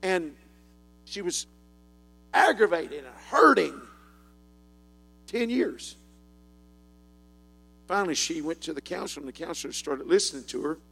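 Man, older, Southern US accent, preacher, folksy storytelling sermon, fervent, gravelly, long hall echo. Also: fairly high pitch, animated, unhurried, long pauses, a bit bright.

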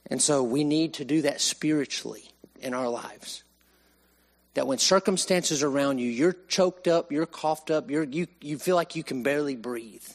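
A man preaching a sermon, swinging from raised emphasis to hushed, slow lines. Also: a little high. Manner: animated, with sudden rises and hushed drops.

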